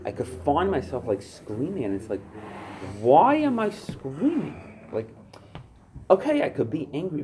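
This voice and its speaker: A man's voice: fairly low pitch, background noise. A man speaking to a recovery group workshop, earnest and searching, with many fillers as his talk builds in intensity. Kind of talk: personal share at a recovery workshop.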